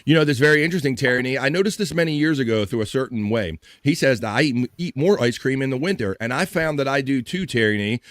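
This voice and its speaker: Man, live-stream host, casual joking chat, mid pitch, dry close sound. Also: expressive, quick pace, hardly any pauses, a bit bright, no room sound. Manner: joking, reads chat aloud, puts on silly voices.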